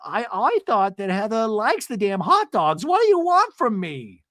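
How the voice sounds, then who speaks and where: A man doing a high, flustered woman who fusses and frets over the cooking. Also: big pitch swings, a little slow, a bit bright, dry recording, studio quality, exaggerated voice.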